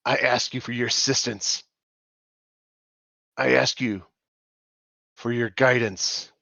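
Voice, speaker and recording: A man voicing a solemn elf hunter in a tabletop game, praying slowly and pleading with the gods of nature. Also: mid-range voice, fairly even intonation, gravelly, bright, forceful tone, no room sound, full character voice.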